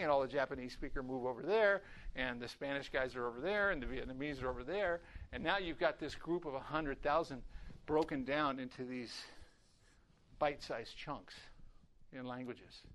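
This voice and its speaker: Older man preaching, storytelling style. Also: fairly bright tone. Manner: storytelling, acts out voices with rising pitch. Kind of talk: sermon teaching.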